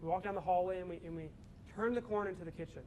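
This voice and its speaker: This is a young man with a fairly high voice, speaking to students as a campus ministry speaker. He tells a story with lots of energy and acts out the characters as he goes. There is a faint noise in the background of the recording. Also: racing, low-quality recording. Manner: animated storyteller, acts out his own shouting. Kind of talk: storytelling talk to a student audience.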